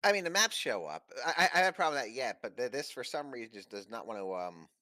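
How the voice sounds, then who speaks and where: A man's voice: mid-range voice, sing-song, fast, pushed and bright. A man playing a tabletop game who chats casually, joking and often stammering over his words. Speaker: player.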